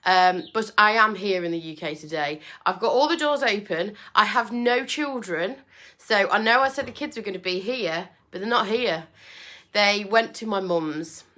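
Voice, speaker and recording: A woman chatting on a casual livestream from home, her voice bright and forward. She rambles in a friendly, self-deprecating way and fills her pauses with ums. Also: mid-range voice. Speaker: furniture painter and livestream host. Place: home with doors open.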